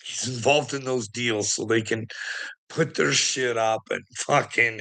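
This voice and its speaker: Profane rambling man with a gravelly voice. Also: medium pitch, fairly even intonation, unhurried, sharp tone. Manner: profane, rambling, laughing often. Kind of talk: casual rant to viewers.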